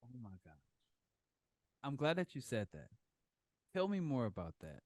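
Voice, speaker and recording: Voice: mid-range voice, very animated, moderate pace, darkish tone, no echo, studio quality. A podcast host asking hesitant, rambling questions. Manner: hesitant questions, many fillers. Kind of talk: podcast interview.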